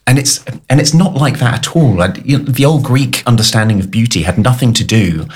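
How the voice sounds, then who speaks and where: A man's voice: medium pitch, lively intonation, a little fast, breathy edge. A man hosting a casual chat, speaking earnestly and often restarting his words.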